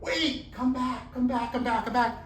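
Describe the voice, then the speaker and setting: A man voicing a desperate, hungry male tiger that begs for help in high, pleading cries. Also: big pitch swings, takes it slowly, a little hiss or hum, exaggerated voice. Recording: roomy distant room mic.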